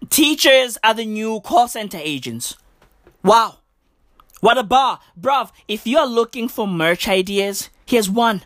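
A woman's voice: a little high, lively intonation, slow, no echo. A woman giving crude, mocking comedic commentary in slangy talk. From South Africa.

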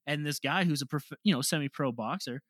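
A man's voice: fairly high pitch, a little fast, no echo. A man co-hosting a podcast, telling stories in casual chat and laughing as he goes. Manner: laughing, animated storytelling with crude jokes. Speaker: podcast co-host.

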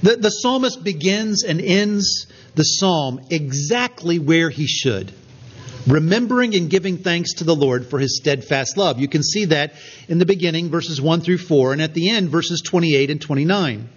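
A man preaching a sermon, earnest and measured, reading scripture aloud. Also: a little high, lively intonation, breathy edge. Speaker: pastor. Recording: dull lo-fi recording.

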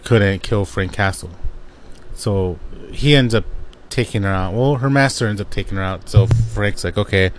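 A man's voice: fairly low pitch, moderate pace, a little hiss or hum. A man casually recapping a comic book plot, rambling with lots of fillers and restarts.

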